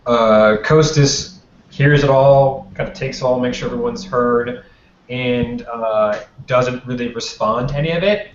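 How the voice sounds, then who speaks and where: A man's voice: mid-range voice, a little slow. Man narrating a tabletop game. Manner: loose, conversational storytelling. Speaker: game master. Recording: roomy, dull lo-fi, faint noise.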